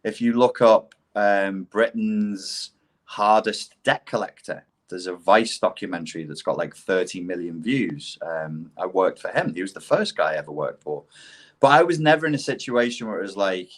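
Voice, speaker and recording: With a low voice and a normal speaking speed, this middle-aged podcast guest spins animated stories full of bluntness and profanity. He has a posh English accent, and the talk is casual conversation.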